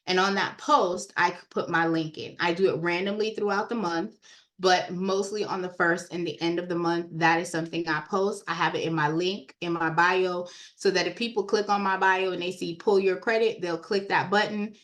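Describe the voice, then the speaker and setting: Chatty woman walking through software. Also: lowish voice, steady tone, normal speed. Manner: casual, chatty, addresses viewers as y'all. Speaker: software trainer. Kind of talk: screen-share software walkthrough.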